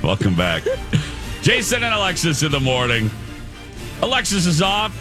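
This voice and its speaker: Lively-pitched joking male radio host. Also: moderate pace, music in the background. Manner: jokey, easygoing, leads the segments. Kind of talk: casual morning radio banter.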